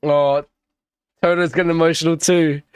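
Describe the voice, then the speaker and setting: A man hosting a live race watch-along, reacting with loose, slangy excitement and wrapping up the coverage. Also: on the high side, normal speed, clear, resonant tone, no echo, studio quality. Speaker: host.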